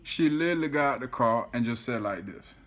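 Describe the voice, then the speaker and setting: Animated man telling a story. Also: mid-range voice, brisk. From South Florida. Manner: animated, swears often, keeps saying "you feel me". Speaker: vlogger. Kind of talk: casual storytelling to camera.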